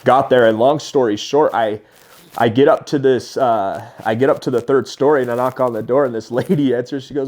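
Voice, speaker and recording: A man in his thirties telling stories as a podcast guest, animated and often laughing as he talks. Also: mid-range voice, a little fast. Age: 30s. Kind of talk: casual storytelling.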